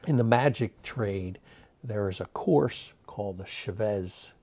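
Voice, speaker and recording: A man in his sixties, a magic historian, telling stories in an interview, animated and rambling with many fillers and restarts. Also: fairly low pitch, measured pace. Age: 60s. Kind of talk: interview storytelling.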